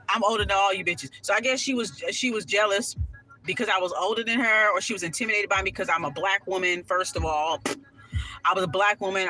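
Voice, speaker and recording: A woman telling a personal story in a casual vlog, sassy and animated, swearing freely and full of asides. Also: mid-range voice, low-quality recording.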